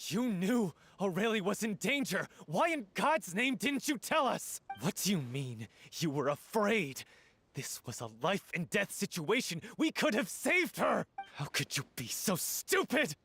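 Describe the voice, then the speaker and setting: A man's voice: high voice, sing-song, measured pace, a bit bright, slight background noise, heavily acted. An actor voicing a grieving male troupe member who angrily accuses a colleague. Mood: furious. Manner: accusing, angry. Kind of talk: game voice acting.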